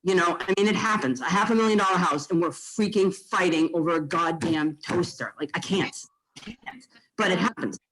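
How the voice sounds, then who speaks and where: Blunt, animated agent. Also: medium pitch, brisk, rough recording. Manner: blunt and animated, with frequent fillers and mild swearing. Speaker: real estate agent. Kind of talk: casual training talk to fellow agents.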